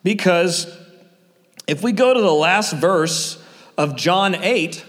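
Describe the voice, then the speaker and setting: A man's voice: high voice, animated, takes it slowly, fairly bright tone, big-room sound. A man preaching a sermon in an earnest, conversational way, full of fillers and personal stories.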